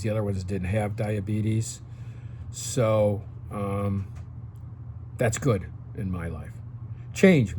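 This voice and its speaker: A man's voice: fairly low pitch, warm tone, a little hiss or hum. A man in his sixties giving casual advice to seniors straight to the camera, coaching and often checking in with "okay?". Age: 60s.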